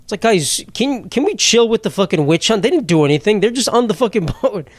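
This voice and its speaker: A man's voice: high-pitched, lively intonation, fairly quick, no echo, clean studio sound. A young man hosting a solo comedy podcast, rambling and sarcastic, swearing freely and laughing at his own jokes. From New York.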